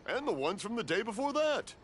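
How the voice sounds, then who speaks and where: A man's voice: fairly quick, a little hiss or hum, exaggerated voice. An actor playing an elderly, hard-of-hearing fireworks maker who rambles into long stories and chuckles as he mishears things, in game voice acting. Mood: cheerfully confused. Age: older. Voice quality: animated, sing-song storytelling with big pitch swings. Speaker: old fireworks maker, the heroine's father. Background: game music.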